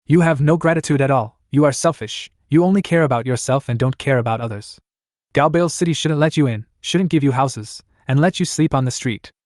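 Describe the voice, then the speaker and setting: A man's voice: mid-range voice, a little fast, darkish tone, dry recording, studio quality, natural voice. A man voicing a spiteful, bossy middle-aged woman nanny who scolds shrilly. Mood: indignant.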